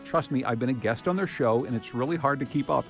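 With soft music in the background, a man hosting a public radio podcast reads scripted segments and interviews a guest. His mid-range voice stays measured and conversational.

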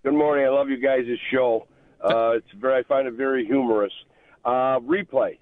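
A man's voice: mid-range voice, fairly even intonation, moderate pace, no room sound. A man calling in to a talk radio show, rambling and reminiscing with many fillers. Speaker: caller. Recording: tinny phone line.

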